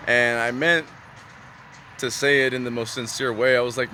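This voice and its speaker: A man's voice: medium pitch, little pitch movement, normal speed, pushed and bright, slight background noise. A man vlogging in a casual, rambling way, full of fillers and "right?" tags, earnest and reflective.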